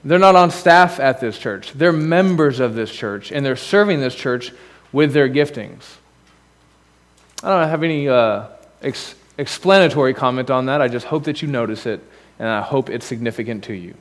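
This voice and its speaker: A man's voice: medium pitch, expressive, normal speed, big-room sound. A man preaching a sermon in a church as pastor, conversational, with asides and rhetorical questions. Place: church sanctuary.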